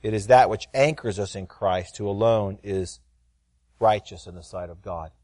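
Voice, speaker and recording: A middle-aged man preaching a sermon, often repeating words and rising to loud, fervent heights as he tells a story. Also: on the low side, normal speed, dry recording, clean studio sound.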